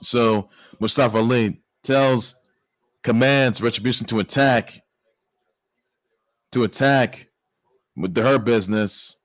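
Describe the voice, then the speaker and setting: Excitable stammering man hosting sports news. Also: mid-range voice, dry recording. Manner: excitable, stammering with many restarts and exclamations. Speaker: sports show host. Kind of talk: casual sports news commentary.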